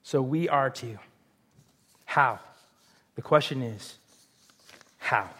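A man's voice: mid-range voice, takes it slowly, pushed and bright, breathy edge. A man preaching a sermon in a conversational, joking way, full of rhetorical questions. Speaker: pastor.

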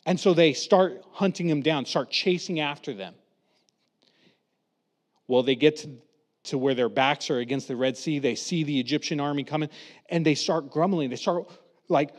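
Brief: male preacher, a bit higher than average, animated storytelling sermon delivery. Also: normal speed, pauses often, big-room sound. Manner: animated, acts out quotes with voices.

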